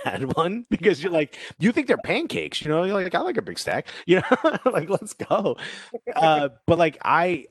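Animated storytelling man, dry sound. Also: on the high side, no room sound. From Cuban-American background. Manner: animated storyteller, acts out quoted voices, many "you know"s. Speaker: podcast co-host. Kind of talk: casual chat.

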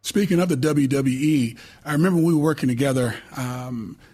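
Co-host, man, husky voice, halting wordy questions. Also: mid-range voice, warm tone. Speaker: sports radio co-host. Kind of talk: casual interview.

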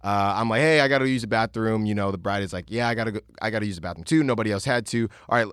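A man's voice: lowish voice, very fast, clean tone, no room sound, studio quality. A young man hosting a podcast, telling a vacation story casually with lots of fillers and restarts. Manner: rambling, lots of filler words and restarts, animated retelling. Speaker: podcast host.

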